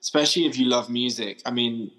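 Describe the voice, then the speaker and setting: Bright-voiced man, animated storyteller. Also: mid-range voice, fast talker, low-quality recording. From London. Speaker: band member and songwriter. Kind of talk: casual interview chat.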